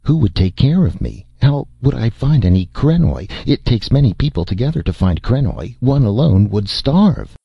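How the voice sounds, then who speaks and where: A timid young slave woman, as a male narrator puts her on in an audiobook, her phrasing simple and plaintive. The voice is raised somewhat above the reader's deep, husky tone. The sound is dry and slightly dull. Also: very animated, normal speed, hardly any pauses, no room sound, heavily acted. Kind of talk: audiobook character voice.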